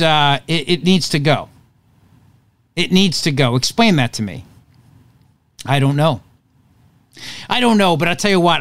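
Animated sarcastic male talk host. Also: fairly high pitch, no echo. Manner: sarcastic, animated, jokey asides. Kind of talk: opinionated talk radio monologue.

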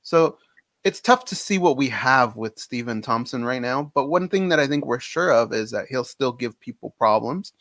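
A man's voice: medium pitch, normal speed, dry recording. A man co-hosting a casual sports talk show from a home studio, easygoing and conversational with frequent fillers. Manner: relaxed, conversational, many fillers. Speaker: co-host.

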